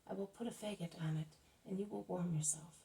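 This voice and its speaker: Woman voicing a tender mother, hushed and soft, raised pitch, warm tone, slightly distant mic. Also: fairly even intonation, fairly quick, natural voice.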